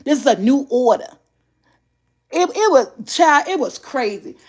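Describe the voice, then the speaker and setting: A middle-aged woman vlogger telling a story in a casual chat, animated and often laughing. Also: sits high, unhurried.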